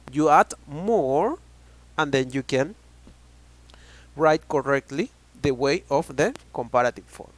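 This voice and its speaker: A man with a Spanish accent teaching an online English grammar class, talking slowly, repeating words and checking in with "okay?" again and again. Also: a little high, a bit bright.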